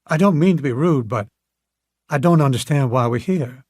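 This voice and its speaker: A man's voice: medium pitch, expressive, normal speed, a little mellow, dry recording, studio quality, natural voice. A man voicing a polite young woman in an audiobook, raising his voice to ask hesitant but direct questions. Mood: probing. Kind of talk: audiobook character reading.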